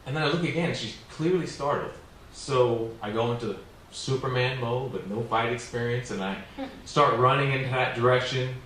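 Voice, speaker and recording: A man's voice: mid-range voice, normal speed, a bit bright. Rambling self-mocking man doing stand-up in an echoey room. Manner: rambling, self-mocking, lots of "like" and "you know". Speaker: stand-up comedian. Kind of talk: stand-up storytelling. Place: small comedy venue with an audience. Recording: very echoey room, distant mic, faint noise.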